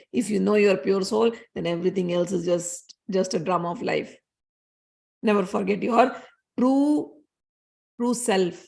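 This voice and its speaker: Creaky woman retelling scripture. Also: mid-range voice. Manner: animated, explains and retells with quoted voices. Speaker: spiritual storyteller. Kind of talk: scripture storytelling with commentary.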